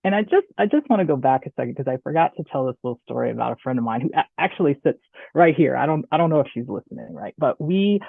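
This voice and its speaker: A woman with a Southern US accent giving a chatty, animated online presentation, often checking in with "right?". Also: a bass voice, fast talker, gravelly, slightly rough, dry recording. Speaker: guest speaker. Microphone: video call. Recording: tinny phone-like audio, dry.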